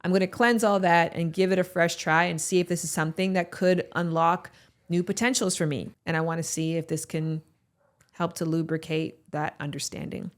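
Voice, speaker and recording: Woman, podcast host, fairly low voice, candid, reflective, conversational. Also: fairly even intonation, normal speed. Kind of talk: solo podcast talk reading listener reviews.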